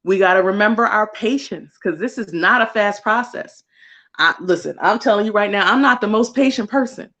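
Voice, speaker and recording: A woman energy healer in a casual spiritual vlog, animated and laughing often, swearing freely and slipping into put-on voices. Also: moderate pace. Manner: slips into high put-on voices for quotes.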